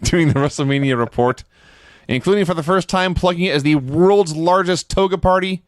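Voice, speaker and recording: A man's voice: fairly high pitch, brisk, dry recording, clean studio sound. A man co-hosting a casual chat, telling stories with frequent laughter. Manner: laughing storyteller, acting out quotes. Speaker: podcast co-host.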